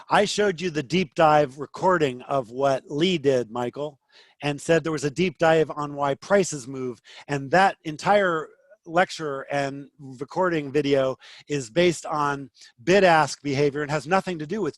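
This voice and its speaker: A man runs an online trading class, firm and impatient with a student. His voice sits fairly high. It is recorded close, with no room sound. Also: no echo. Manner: blunt, impatient, rising to frustrated. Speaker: trading instructor. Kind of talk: live online teaching session.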